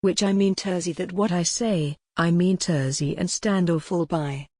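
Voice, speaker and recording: A text-to-speech woman's voice reading the lines of a plain-spoken, gentle male village blacksmith in a classic novel audiobook. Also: lowish voice, moderate pace, dry recording, studio quality, lightly acted. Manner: even, machine-read delivery.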